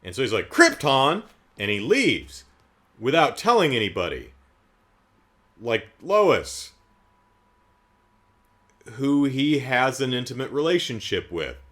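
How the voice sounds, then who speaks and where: A man's voice: mid-range voice, big pitch swings, takes it slowly, long pauses, a bit bright. A man giving a casual, comedic movie recap in a sarcastic, incredulous way, rambling with asides. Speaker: movie reviewer.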